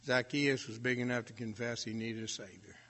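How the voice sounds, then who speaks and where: A man's voice: medium pitch, brisk. Folksy preacher man in a reverberant hall. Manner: folksy and animated, with sudden loud swells. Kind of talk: storytelling sermon.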